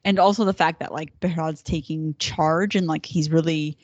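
A woman's voice: low voice, fairly even intonation, normal speed, a little mellow, dry recording, lo-fi sound. Chatty woman recapping a TV episode. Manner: chatty, enthusiastic, laughs often, jumps into quoted voices. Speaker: podcast co-host. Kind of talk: casual TV recap chat.

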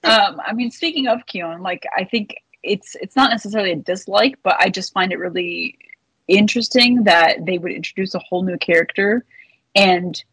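Husky low woman, dry sound. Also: moderate pace, a bit bright, no echo, rough recording. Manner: thoughtful, hesitant, many fillers. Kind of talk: casual TV episode review chat.

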